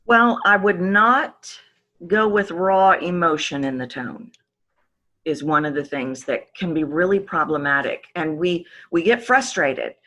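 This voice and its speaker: A woman vocal coach speaking as a podcast guest, animated, sometimes shifting her voice to demonstrate. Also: lowish voice, measured pace. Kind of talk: podcast interview.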